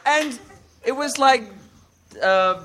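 An Australian man, a guest comedian, telling animated anecdotes in casual podcast chat and acting out the people in them. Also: extremely high pitch, takes it slowly, background noise.

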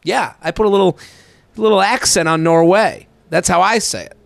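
Gravelly high-voiced man hosting a podcast. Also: moderate pace, no room sound. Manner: animated, playful, sing-song emphasis. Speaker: podcast host. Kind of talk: energetic podcast chat.

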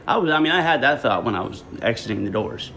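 A man's voice: medium pitch, animated, fast talker, fairly bright tone, a little hiss or hum. A young man talking bluntly in an interview, casual and swearing, often trailing off. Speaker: interviewee, son.

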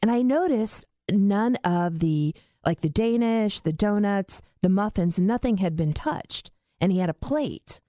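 Animated woman telling a story. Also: mid-range voice, measured pace, few pauses, no room sound, studio quality. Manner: animated storytelling, acts out quoted voices. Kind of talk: casual podcast chat.

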